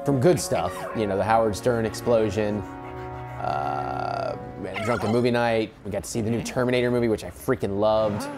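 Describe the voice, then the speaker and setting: A man with a lowish voice speaks at normal speed while casually commenting on a let's play. He rambles and laughs a lot, keeping quiet because it's late at night, and video game music fills the background.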